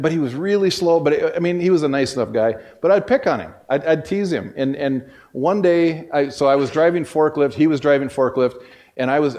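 A man's voice: a little high, darkish tone. A middle-aged male pastor giving a casual, storytelling sermon in a church, folksy and self-deprecating, often restarting his sentences. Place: church sanctuary.

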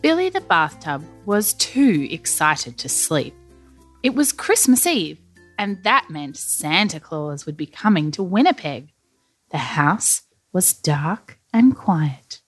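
A woman reading a children's story aloud in a lively, animated storytelling manner. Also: on the low side, no echo, faint music behind. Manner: lively, animated, slow-paced narration.

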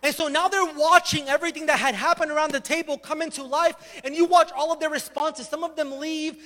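A man preaching a sermon as a pastor, telling the story with animated energy and acting out the voices. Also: very high voice, fairly quick, big-room sound.

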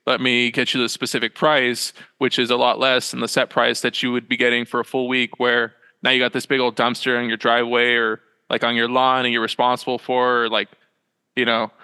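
A man's voice: mid-range voice, completely flat delivery, pushed and bright, clear, resonant tone. Young man rambling in a reverberant room. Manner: rambling, halting, full of fillers and self-corrections. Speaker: podcast guest, small business owner. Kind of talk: casual interview chat. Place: small room at home with a loft bed.

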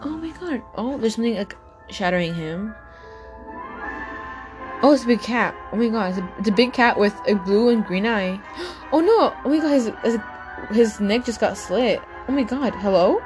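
A young woman hosting a casual podcast, reacting excitedly to a video with frequent exclamations and fillers. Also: on the high side, moderate pace, over music. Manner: gushing, exclamatory, many fillers. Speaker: podcast host.

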